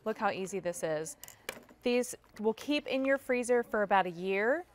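A woman's voice: medium pitch, expressive, normal speed. A woman from Tennessee, a food company guest, cheerfully demonstrating a product on a shopping show. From Memphis, Tennessee. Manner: cheerful, bubbly, persuasive.

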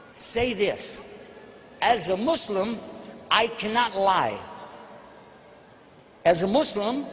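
High-voiced man lecturing in echoey hall. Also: fairly bright tone. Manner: anecdotal, emphatic storytelling. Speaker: religious lecturer answering questions. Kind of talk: lecture with audience Q&A. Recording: echoey hall with faint noise.

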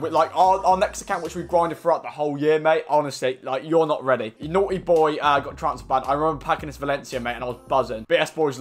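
A young man with a British accent giving chatty, slangy gameplay commentary for viewers. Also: a little high. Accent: British English. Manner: chatty, slangy, excitable, addresses viewers as lads. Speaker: gaming YouTuber.

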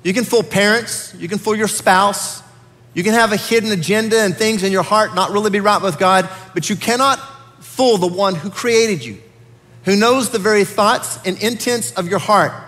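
Pastor guy preaching, high voice, earnest and punchy, big church echo. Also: a bit bright. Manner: earnest preaching, rising to emphatic peaks. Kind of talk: sermon. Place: church sanctuary. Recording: long reverb of a church hall.

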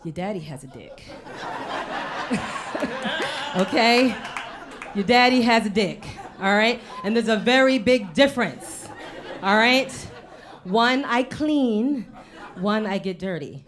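A woman in her thirties performs stand-up on a live stage, her voice sitting a little high. She talks mouthy and animated, breaking off her stories to throw asides at the crowd. She also hosts the show. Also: slow pace, pauses often, background noise. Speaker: stand-up comedian and show host. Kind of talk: stand-up comedy set. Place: live stage before an audience.

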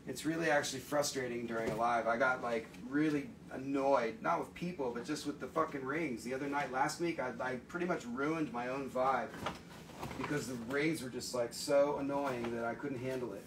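A man's voice: mid-range voice, steady tone, normal speed, background noise. A man chatting casually on a home livestream while selling gems, rambling, swearing and laughing easily. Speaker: livestream gem seller. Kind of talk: casual live-selling chat.

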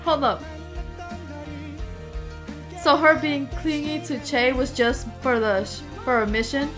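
A woman of about twenty doing excitable, gushing reaction commentary, calling out "bro" and "oh my God" as she watches. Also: high-pitched, moderate pace, over music. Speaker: YouTube reactor.

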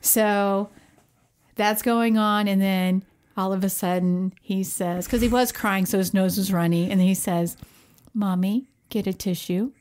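Animated woman telling a family story. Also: mid-range voice, a little slow, clean tone. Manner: animated storyteller, laughs often, acts out quotes. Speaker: podcast co-host, parent. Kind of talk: casual storytelling chat.

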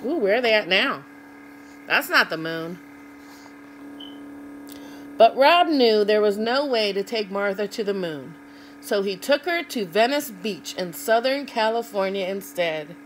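A woman's voice: mid-range voice, animated, unhurried, pauses often, a little hiss or hum, low-quality recording. A woman reading a picture book aloud to children, stopping to ask young listeners about the pictures. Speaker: children's read-aloud host.

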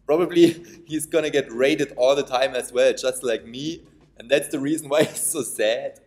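A man giving playful, excitable commentary over a game, taunting his opponents and laughing often. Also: mid-range voice, normal speed. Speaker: gaming commentator. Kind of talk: excitable let's-play commentary.

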